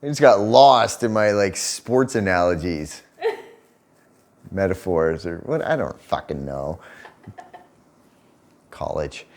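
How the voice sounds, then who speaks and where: A man's voice: deep voice, takes it slowly, pauses often. A young man casually telling a story to camera, laughing often, swearing freely and acting out what people said. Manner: swears freely, laughs often, animated retelling with quoted voices. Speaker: vlogger telling a story about his partner.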